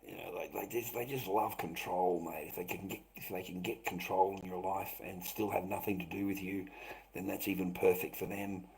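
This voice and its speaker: A man's voice: sits low, little pitch movement, fairly quick, vocal fry, a little mellow, rough recording. Swearing man ranting on stream. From Australia. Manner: swearing, repetitive, stammering restarts. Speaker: livestreamer. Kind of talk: rambling livestream monologue.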